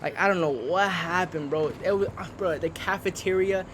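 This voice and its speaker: A man's voice: sits high, moderate pace, a little hiss or hum. A young man casually telling an embarrassing story while playing a shooter game, in slangy speech that keeps saying "bro". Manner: slangy, animated, says "bro" often. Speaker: gaming video creator. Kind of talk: casual storytelling over gameplay. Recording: game gunfire behind voice.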